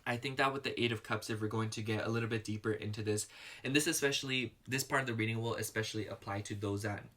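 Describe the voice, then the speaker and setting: Man, casual tarot reader, talky and rambling, relaxed everyday voice. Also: fairly low pitch, quick pace. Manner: chatty, rambling, fillers like "you know"; murmurs softly while shuffling and pulling cards. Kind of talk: casual pick-a-card tarot reading.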